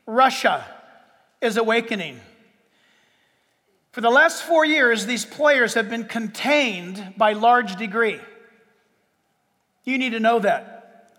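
A man preaching a sermon as pastor, with dramatic pauses and sudden loud bursts. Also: very high voice, expressive, in a large hall.

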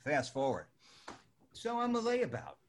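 An older man from New Jersey tells a personal story with a lot of energy. His pitch swings widely and he keeps jumping into other people's voices. He sounds like a born storyteller. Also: huge pitch swings, measured pace, slight background noise. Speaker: storyteller guest. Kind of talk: animated anecdote telling.

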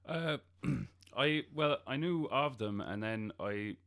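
A man's voice: medium pitch, lively intonation, slow pace, vocal fry, a bit bright. A man who promotes a festival, chatting casually as a podcast guest, hesitant with many ums and restarts. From Ireland.

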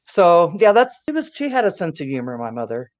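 A middle-aged woman from Texas, talking as a guest on a chat show. She tells family stories in a lively, rambling way and leans on "you know" a lot. Her delivery is casual and unscripted. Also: lowish voice, a little fast. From Dallas area, Texas. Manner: lively, chatty, many fillers like "you know".

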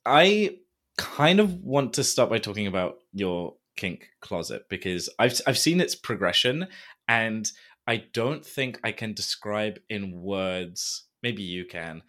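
Male podcast host, chatty and animated, laughs a lot, voice swings widely in pitch. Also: slow. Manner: animated, laughs often, rambling. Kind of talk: casual podcast chat. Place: Ringwood, England.

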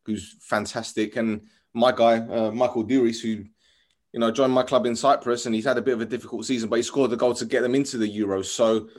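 A man's voice: medium pitch, steady tone, fairly quick, a little mellow. A man in a casual football podcast, chatty and opinionated, teasing his co-host.

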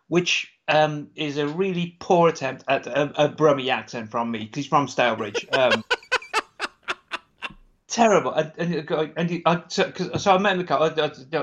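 Podcast co-host, male, rambling anecdotal storyteller, slightly high pitch, dull lo-fi recording. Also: lively intonation, normal speed, fairly bright tone. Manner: rambling storyteller, swears, laughs often. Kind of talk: casual chat. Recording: dull lo-fi sound.

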